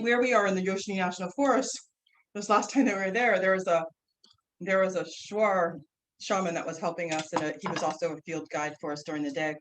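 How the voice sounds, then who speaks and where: Woman, classroom storyteller, rambling, animated, some distance from the mic, faint hiss. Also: lowish voice. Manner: lively, rambling, with restarts and frequent "like". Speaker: herbal instructor and guest speaker. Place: classroom, speaking away from the mic.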